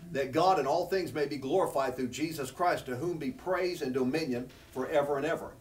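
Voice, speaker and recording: A man's voice: a little high, brisk, recorded from a distance. A man preaching a sermon, teaching from scripture in an earnest, conversational way that rises when he presses a point. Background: congregation responding.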